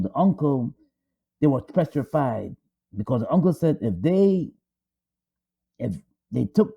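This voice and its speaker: A man's voice: mid-range voice, slightly rough, narrow, tinny audio. A man co-hosting a talk show, telling a story dramatically with emphatic repetition. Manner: repetitive, emphatic, restarts for effect. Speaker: co-host.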